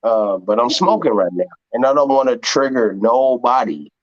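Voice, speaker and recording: A man speaking as a guest on a live online panel, rambling and halting as he defends himself. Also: mid-range voice, expressive, dry recording. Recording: dull, dry, lo-fi call audio.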